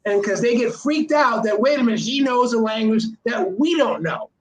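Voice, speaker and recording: A man with a high voice tells long, meandering anecdotes in a relaxed conversation, often repeating himself as he finds his words. The room around him sounds echoey. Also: normal speed, slight background noise. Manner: rambling storyteller, repeats words while telling anecdotes. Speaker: interview guest, filmmaker and teacher. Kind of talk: casual conversation.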